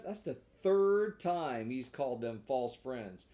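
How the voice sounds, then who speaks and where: A man's voice: medium pitch, sing-song, slow pace, hardly any pauses, mellow. A man reading a children's book aloud, breaking off for chatty, chuckling asides to the listener. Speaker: storyteller.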